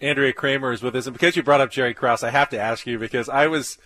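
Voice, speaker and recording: A man's voice: mid-range voice, steady tone, fast talker, bright, forceful tone, no echo. A man co-hosting a sports radio show, recounting anecdotes and laughing easily. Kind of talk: casual radio chat.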